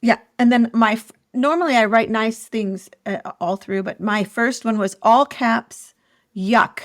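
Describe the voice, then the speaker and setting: A woman's voice: on the high side, a little slow, no room sound, studio quality. A woman co-hosting a podcast, telling stories in an easygoing, laughing chat. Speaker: podcast co-host, former escort. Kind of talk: casual storytelling chat.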